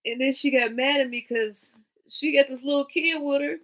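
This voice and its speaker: A woman tells rambling personal stories on a home livestream. Her voice sits a little high. She talks casually and animatedly, laughing often and dropping into other people's voices as she quotes them. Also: fairly even intonation, normal speed, a bit bright, low-quality recording. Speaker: tarot reader on a livestream. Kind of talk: casual storytelling.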